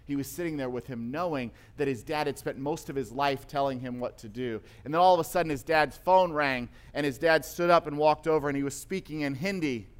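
A man's voice: fairly high pitch, brisk, hardly any pauses, clean tone. Man preaching through a retold story. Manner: retells a story with varied loudness, acting out quoted voices. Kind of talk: sermon storytelling.

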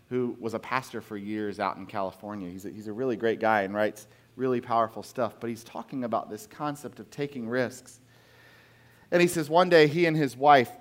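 A middle-aged man preaching a sermon as pastor, animated, acting out quotes with big swings in volume. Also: on the low side.

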